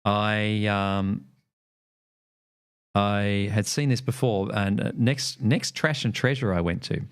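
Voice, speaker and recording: A man's voice: fairly low pitch, steady tone, slow pace, clean tone. Australian man, streamer, casual chat, meandering storyteller, many fillers.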